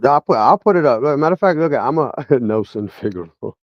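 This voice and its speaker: A man's voice: mid-range voice, expressive, fast talker, no echo. Taunting man on a dull, dry stream mic. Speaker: livestreamer. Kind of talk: casual livestream rant to chat.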